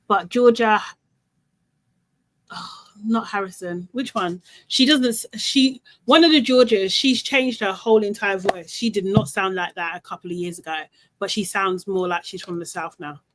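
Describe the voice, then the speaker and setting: A woman's voice: medium pitch, moderate pace, fairly bright tone, no echo, low-quality recording. A woman hosting a casual chat, talking in a rambling way that often trails off mid-sentence. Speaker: podcast host.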